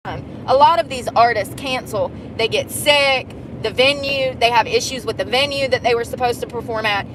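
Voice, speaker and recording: A woman's voice: a little high, moderate pace, background noise. A woman chatting casually while driving, profane and laughing often. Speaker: vlogger. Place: car.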